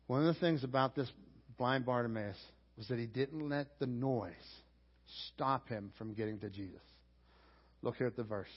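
A man's voice: mid-range voice, normal speed. A man preaching a sermon as pastor in a church, driving his points home with repetition and rising emphasis. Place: church sanctuary. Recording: dull sound with long hall reverb.

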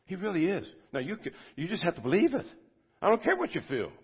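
Male pastor, husky mid-pitched voice, informal sermon at a church service, dull lo-fi recording. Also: wildly swooping pitch, fast talker. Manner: conversational, swinging from loud bursts to quiet asides. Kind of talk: informal sermon to a men's group.

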